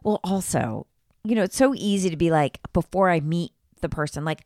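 A woman co-hosting a casual gossip podcast, animated and exclamatory, laughing often and swearing casually. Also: on the low side, moderate pace, dry recording, clean studio sound. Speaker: podcast co-host.

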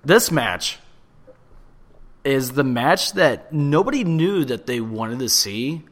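Man, casual podcast co-host, opinionated, animated pitch, loose filler-heavy talk. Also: takes it slowly. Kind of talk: casual chat.

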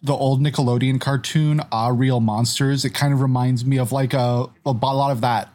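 A man's voice: mid-range voice, steady tone, moderate pace, darkish tone. A man co-hosting a podcast in casual chat, making wry, brief remarks. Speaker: podcast co-host.

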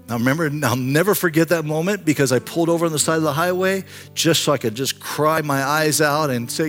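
A man in his sixties, a pastor preaching a sermon in a church, telling a personal story earnestly and swinging from impassioned to hushed. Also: a little high, a little fast, soft background music. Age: 60s. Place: church sanctuary.

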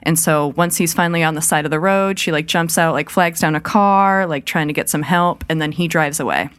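A woman talks through a grim news story on a horror podcast in an easygoing, filler-heavy chat style. Her voice sits low and sounds clear and smooth. The sound is dry and close to the mic. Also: brisk, no room sound. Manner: relaxed storytelling with frequent "like" fillers.

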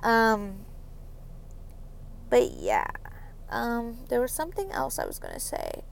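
A woman's voice: fairly high pitch, wildly swooping pitch, takes it slowly, gravelly, a little hiss or hum. A young woman hosting a solo podcast, rambling through personal stories with many ums and nervous little laughs. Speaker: podcast host. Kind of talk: casual solo podcast confession.

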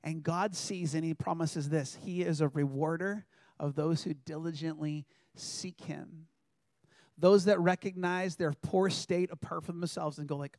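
Male preacher, slightly high voice, earnest and chatty delivery, dry close sound. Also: steady tone, unhurried, darkish tone, no echo. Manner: earnest, conversational, reads scripture aloud. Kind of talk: sermon.

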